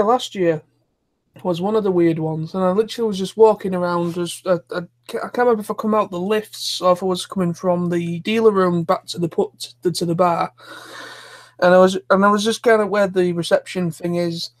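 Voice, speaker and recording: Chatting casually on a live stream, a man with a notably high voice tells loose, rambling stories and keeps restarting. His delivery is informal, brisk, and steady in tone.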